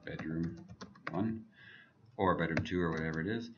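A man teaching a software tutorial over his screen, talking casually and thinking aloud as he clicks through each step. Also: low voice, moderate pace, muffled recording, a little hiss or hum.

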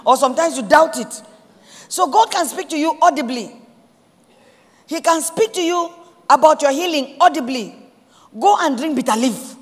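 Nigerian woman pastor, high voice, emphatic sermon delivery, long hall reverb. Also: animated, normal speed, long pauses. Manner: emphatic, repetitive preaching with quoted prayers.

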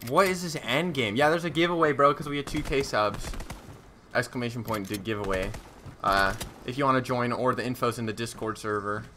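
A man's voice: mid-range voice, brisk, slight background noise. A young man streaming a shooter game live, chatting casually with viewers, joking at himself and getting worked up at tense moments. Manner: casual, excitable, self-mocking, slangy. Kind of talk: live gameplay commentary.

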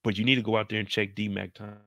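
A man casually recapping a TV drama episode in a boastful, animated, slangy way. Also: on the low side, fast, vocal fry, no echo. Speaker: YouTube show recapper.

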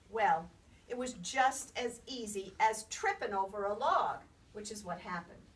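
A woman storyteller telling a folk tale aloud in an expressive, lilting way. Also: medium pitch, unhurried. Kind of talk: oral storytelling. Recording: distant mic, faint background noise.

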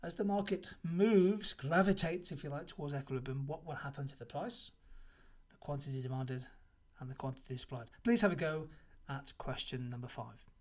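A man's voice: fairly high pitch, moderate pace, darkish tone. A man teaching an economics revision lesson, walking through multiple choice answers in an explanatory manner and stressing the key points. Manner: explanatory, emphatic on key answers, occasional restarts.

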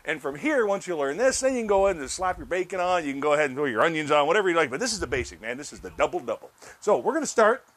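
A man's voice: a little high, sing-song, rapid-fire, hardly any pauses, a bit bright. A man hosting his own cooking show, chatting casually to viewers while he demonstrates a recipe, often repeating words as he goes. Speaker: cooking channel host.

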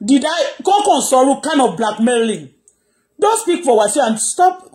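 A woman's voice: high voice, sing-song, moderate pace, a little mellow. A Nigerian woman blogger whose first language is Yoruba, ranting impassioned on a live stream and raising her voice. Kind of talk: live social media rant.

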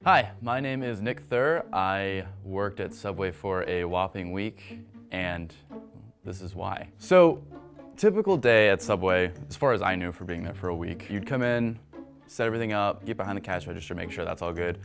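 A man's voice: sits low, expressive, normal speed, vocal fry, faint music behind. A man telling a story about his brief job at a sandwich shop, with dry, wry humor. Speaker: former fast-food worker. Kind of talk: storytelling to camera.

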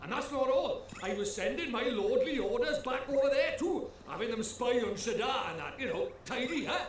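A man's voice: very high voice, expressive, normal speed, very echoey, a little hiss or hum. An actor playing a cheeky, boastful male fairy lord, chatty and folksy in a video game. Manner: cheerful, folksy, calls people lad. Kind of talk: game voice acting.

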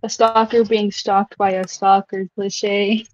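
Give me a deadpan, teasing woman heckling a friend, muffled sound. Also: mid-range voice, takes it slowly, no echo. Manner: teasing, interrupting, deadpan jabs. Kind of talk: casual chat.

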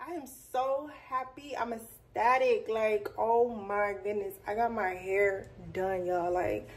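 A young woman vlogging in a chatty, excitable, slangy way, talking straight to her phone camera. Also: medium pitch, slow pace. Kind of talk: casual chat to camera.

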